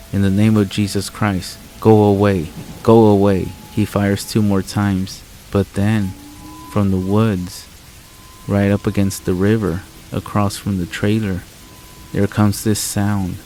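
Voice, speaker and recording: Deep, flat-voiced man narrating horror. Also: rough recording. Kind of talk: scripted narration. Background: rain and faint music.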